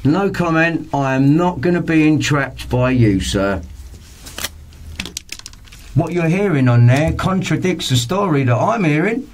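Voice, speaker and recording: A man's voice: on the high side, lively intonation, a little slow, slight background noise. A man answering questions in a defensive, curt and challenging way. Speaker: interviewee under questioning.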